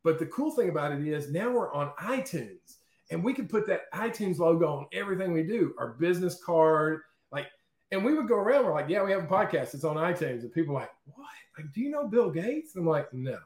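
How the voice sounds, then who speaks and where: A man guest in an interview, telling stories in a lively, chatty way and often checking in with "okay?" and "right?". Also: fairly high pitch, a little fast, roomy sound. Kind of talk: casual storytelling in an interview.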